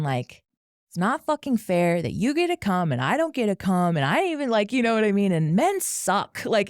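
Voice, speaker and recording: A woman's voice: lowish voice, a little mellow, dry recording, studio quality. Frank, foul-mouthed woman telling a story. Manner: candid, profane, laughing as she tells it. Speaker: podcast guest. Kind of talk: casual storytelling.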